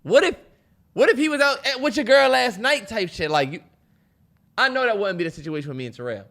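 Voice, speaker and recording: A man's voice: high voice, brisk. A man co-hosting a podcast in casual chat, telling stories with joking put-on voices. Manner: animated, joking, slips into voices while storytelling. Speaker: podcast co-host.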